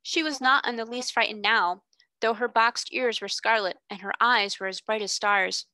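A woman tutor reading a storybook aloud in an expressive, measured way. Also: a little high, no room sound, poor audio. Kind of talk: storybook narration.

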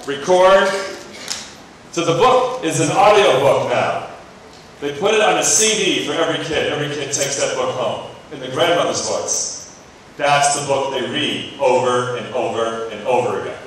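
A man giving a lively presentation to a room of teachers, telling stories and putting questions to the audience. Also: a little high, slight background noise. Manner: animated storytelling, asks the audience questions. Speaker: education speaker. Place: meeting room or hall with an audience. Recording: echoey room, distant mic, faint ambience.

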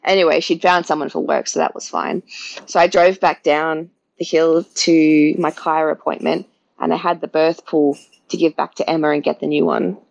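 Woman, low voice, gravelly, dry close sound, chatty guest. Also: level tone, moderate pace, no room sound, highs cut off. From Australia. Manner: chatty, acts out her own past words. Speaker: podcast guest. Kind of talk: casual birth story.

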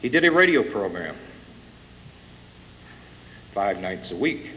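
In a conference hall with a live audience, a man with a fairly low, very animated voice emcees, introducing the keynote speaker at a slow pace with rising emotion that builds to loud, rally-style announcements. The recording is echoey, distant and hissy, like old tape.

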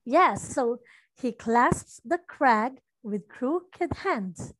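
Woman tutor, high voice, slow and patient, dry close sound. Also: lively intonation, a bit bright, dry recording. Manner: patient, repeats lines slowly to model stress. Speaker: English teacher. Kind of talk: online tutoring lesson.

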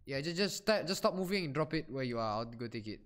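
Excitable Malaysian man gaming with friends. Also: mid-range voice, fast talker. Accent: Malaysian English. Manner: excitable, teasing, calls out directions. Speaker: gaming streamer. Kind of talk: casual gaming chat with friends.

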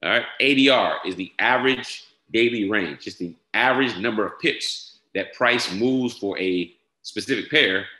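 A man giving a step-by-step software tutorial, repeating each instruction and checking in with "all right?". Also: lowish voice, normal speed. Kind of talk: screen-share tutorial walkthrough. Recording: echoey room.

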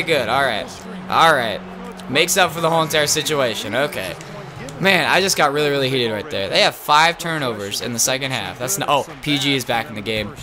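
A young man commentating his own basketball video game, muttering, then shouting at big plays. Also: on the high side. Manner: swings between muttering and excited shouting. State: nervous, voice strained. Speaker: gaming YouTuber. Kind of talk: live gameplay commentary.

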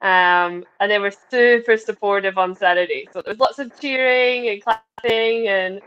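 Scottish female guest, bright and easygoing, heard through lo-fi call audio. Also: medium pitch, moderate pace, smooth. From Scotland. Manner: friendly, relaxed, upbeat. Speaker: runner, interview guest. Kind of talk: casual video-call interview. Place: bedroom wardrobe at home. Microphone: video call over a weak connection. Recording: muffled lo-fi video call audio.

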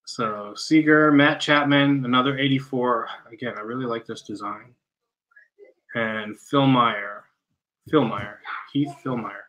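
A man opening trading cards on a live stream from home, talking excitedly and exclaiming in breathless bursts. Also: mid-range voice, a little slow, low-quality recording.

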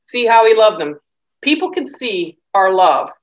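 In a muffled recording, a woman with a mid-range voice leads a Bible study lecture at an unhurried pace. Her pitch swings widely as she talks conversationally, reads scripture and performs the quoted speakers' voices.

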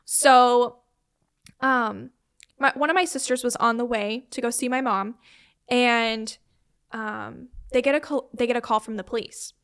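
A woman's voice: fairly high pitch, steady tone, a little slow, fairly bright tone, clean tone. Young woman telling a personal story, chatty. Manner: conversational, many "like" and "um" fillers, quotes family members in retelling. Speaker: interview guest. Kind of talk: personal storytelling in a sit-down interview.

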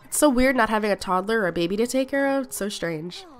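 A woman's voice: on the high side, lively intonation, quick pace. A woman hosting a casual let's-play video, chatty and often exclaiming as she talks to her game characters. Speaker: gaming video host.

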